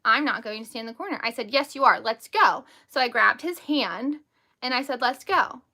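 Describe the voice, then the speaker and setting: A woman's voice: fairly high pitch, fairly quick, sharp tone. A woman hosting a casual live stream who tells a story bluntly and with emphasis, filling her talk with "like" and "over the top". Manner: heavy use of "like" and "over the top". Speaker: host and stepmother.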